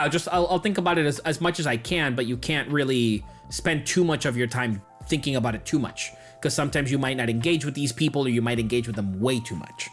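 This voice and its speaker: A man, the game master of a tabletop show, chatting casually and animatedly about how he builds his characters. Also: medium pitch. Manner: animated, acts out quoted characters. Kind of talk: casual podcast chat.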